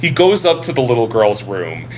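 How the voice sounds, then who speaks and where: A man co-hosting a casual podcast, talking in an animated way, laughing often and swearing casually. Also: mid-range voice, normal speed, soft background music. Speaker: podcast co-host.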